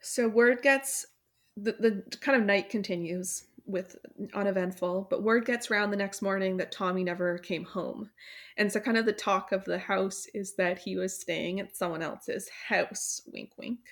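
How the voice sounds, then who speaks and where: A woman walks through a story's plot in a relaxed, chatty way. She leans on fillers and slips into little voices for the characters' lines. Her pitch sits in a middling range. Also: unhurried. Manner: storytelling recap with many fillers, acts out quotes. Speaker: book club podcast host summarizing the plot. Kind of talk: casual plot recap.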